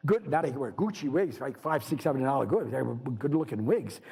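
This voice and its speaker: A man's voice: medium pitch, expressive, fairly quick, gravelly, darkish tone, slightly rough. A man teaching a literature class, explaining a story and reading passages from it in a conversational, digressive way. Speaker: literature instructor. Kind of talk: lecture with read-aloud passages. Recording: long reverb from a lecture hall.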